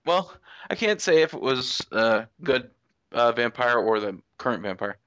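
A man's voice: medium pitch, sing-song, normal speed, fairly bright tone, clear, resonant tone, no room sound. A man co-hosting a casual podcast chat about comics, joking and laughing often. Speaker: podcast co-host.

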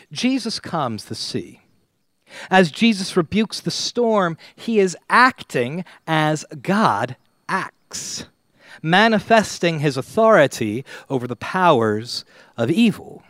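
A man preaching a sermon to his church, slow and dramatic, with long pauses and swings between loud and quiet. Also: a little high, no echo, clean studio sound. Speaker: pastor.

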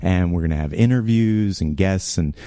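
A man's voice: deep voice, moderate pace, dark tone, dry recording. A man co-hosting a podcast, chatting casually and upbeat about the new year. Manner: upbeat, enthusiastic. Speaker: podcast co-host. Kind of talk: casual chat.

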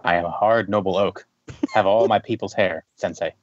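A man's voice: low voice, steady tone, normal speed, no echo, lo-fi sound, pitched below the performer's own voice, lightly acted. A man voicing a grim, self-serious male office worker who makes solemn, boastful declarations.

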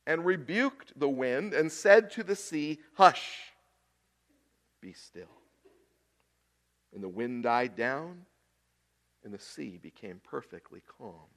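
A man preaching a sermon, swinging between loud emphasis and hushed, quiet lines with long deliberate pauses. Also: mid-range voice, gravelly. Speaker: pastor.

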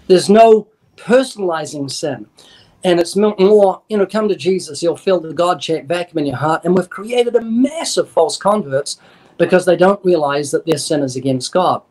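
A man's voice: high voice, animated, moderate pace, a little mellow. A man being interviewed as an evangelist, explaining in an earnest, emphatic preaching style and acting out little dialogues. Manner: earnest, emphatic, quotes scripture and acts out dialogue. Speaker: evangelist guest.

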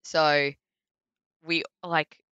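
A woman with an Australian accent, a voice actor chatting casually in an interview, full of likes and ums and quick laughs. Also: deep voice, level tone, pushed and bright, clean tone, no echo, highs cut off. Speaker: voice actor guest.

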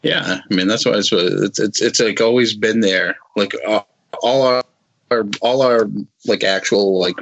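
A man in his forties rambles cheerfully as a podcast guest, often stopping and restarting his sentences. His voice sits low with a husky grain to it. The recording is dry and close, and he drops into goofy little voices now and then. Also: unhurried, fairly bright tone, no room sound, muffled recording. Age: 40s. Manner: rambling, many restarts, playful voice bits. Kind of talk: casual podcast chat.

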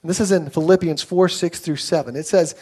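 A man's voice: fairly high pitch, fairly even intonation, brisk, darkish tone, husky. A young adult man preaching a sermon in a conversational way, telling stories with acted quotes. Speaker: pastor.

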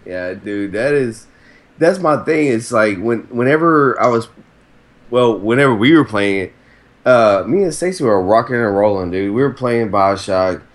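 A man's voice: mid-range voice, expressive, moderate pace. A man telling a rambling story in casual chat, with many fillers.

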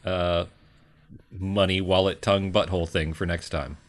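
A man co-hosting a podcast, speaking in a dry, slow, offhand way in casual crude banter. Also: low-pitched, level tone. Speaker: podcast co-host.

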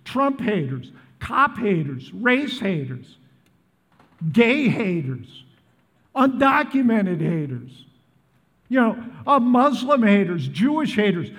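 Brief: man in his 70s, pastor, very high animated voice, reverberant church hall, peppers the crowd with questions. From Midwest, US. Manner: asks the crowd rhetorical questions again and again. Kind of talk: sermon. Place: large church in northern Colorado.

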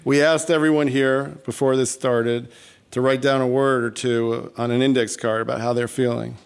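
A man's voice: mid-range voice, little pitch movement, moderate pace, vocal fry, smooth. A man hosting a live stage show, chatty and self-deprecating as he talks to the audience. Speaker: show host.

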